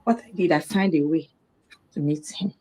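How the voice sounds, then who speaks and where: A woman's voice: low voice, moderate pace. A middle-aged woman with a Nigerian accent, a guest on a live talk program, telling a personal story and acting out what other people said. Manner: animated, acts out the quoted voices of others.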